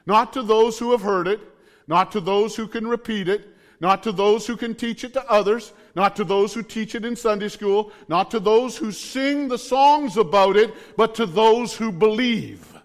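A middle-aged male preacher with a high voice gives a fervent sermon built on repeated declarations, speaking at a moderate pace. A long reverb trails behind his ringing voice.

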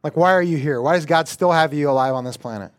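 A man, a pastor, preaching a sermon in a relaxed, conversational way, often repeating words as he starts a thought. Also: on the high side, quick pace.

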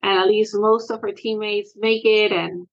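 A woman's voice: medium pitch, steady tone, normal speed, muffled recording. A woman guest talking earnestly and emotionally about her experience as a sports parent in a candid interview.

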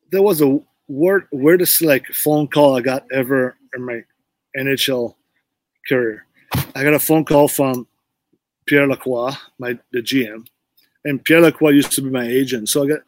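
A man's voice: mid-range voice, moderate pace, pauses often, dry recording. Man, middle-aged, casual podcast storytelling, rambling, dry sound. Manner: rambling, restarts often, tells stories with quoted dialogue. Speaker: podcast guest, former pro hockey player.

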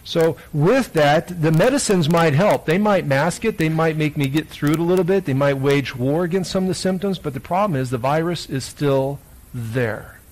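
A man with a somewhat high voice leads a children's sermon in church. He reads the gospel, then turns playful and keeps putting questions to the young listeners. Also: normal speed, darkish tone, low-quality recording. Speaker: pastor.

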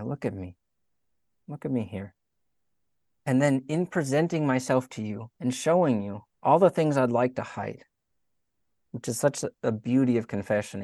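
A man's voice: mid-range voice, no room sound, studio quality. Earnest man giving a spiritual reflection. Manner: earnest, conversational, with soft laughs. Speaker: speaker giving faith reflections.

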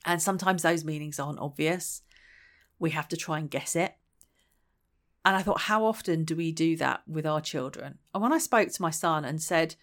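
A woman's voice: low voice, normal speed, a bit bright. A woman giving a chatty, reflective solo talk as a parenting practitioner, thinking aloud and acting out quoted lines.

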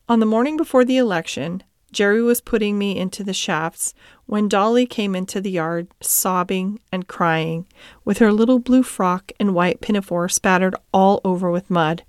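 A woman reading a classic novel aloud in a calm, steady storybook style. Her voice is smooth and clear, and the recording is dry and close with no room echo. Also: mid-range voice, moderate pace. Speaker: audiobook narrator. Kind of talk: scripted narration.

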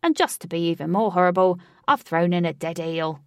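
A woman voicing a loud, cocky male teammate. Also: fairly low pitch, animated, fairly quick, smooth, dry recording, studio quality. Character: brash boastful male rugby teammate.

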